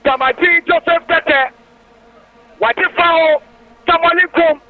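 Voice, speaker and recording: A man giving excited live football commentary on radio, calling out player names in quick play-by-play. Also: extremely high pitch, no room sound. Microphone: radio studio mic. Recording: tinny radio broadcast line.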